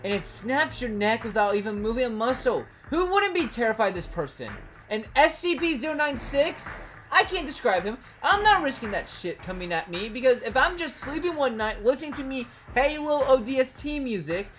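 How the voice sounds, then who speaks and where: A woman's voice: a little high, sing-song, normal speed, a bit bright. A woman talking in a casual commentary vlog, blunt and joking, swearing casually and rambling with lots of likes. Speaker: video creator. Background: background music.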